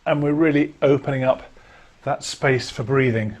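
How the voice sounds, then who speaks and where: Man leading a choir warm-up. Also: mid-range voice, moderate pace. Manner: instructive, demonstrates sounds and lip trills. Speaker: choir director. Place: home during lockdown.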